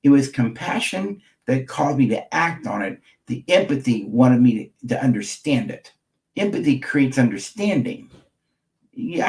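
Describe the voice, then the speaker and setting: A man's voice: mid-range voice, a little mellow. A middle-aged man, a marriage therapist, gives an emphatic teaching talk to camera, repeating key phrases and checking in with his listeners.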